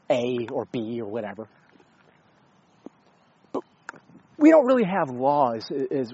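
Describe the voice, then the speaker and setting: A man's voice: fairly high pitch, warm tone, breathy edge, highs cut off. Rambling man walking his dog outdoors. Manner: rambling, profane, self-mocking, talks to his dog. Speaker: vlogger. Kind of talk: rambling casual monologue while walking a dog. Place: outdoors on a neighborhood street.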